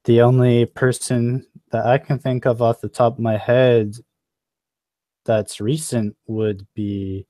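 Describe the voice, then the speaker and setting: A man's voice: mid-range voice, flat delivery, slow pace, warm tone, no room sound, close to an everyday voice. A man voicing a helpful male tavern-goer who muses hesitantly while recalling a name. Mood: thoughtful. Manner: musing, hesitant.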